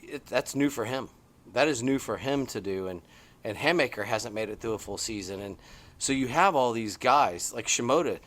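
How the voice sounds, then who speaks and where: A middle-aged man co-hosting a podcast, chatting casually from a porch outdoors and telling stories with excited, swinging emphasis. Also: normal speed. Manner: animated, excitable storytelling with big swings in pitch. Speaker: podcast co-host. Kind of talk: casual chat.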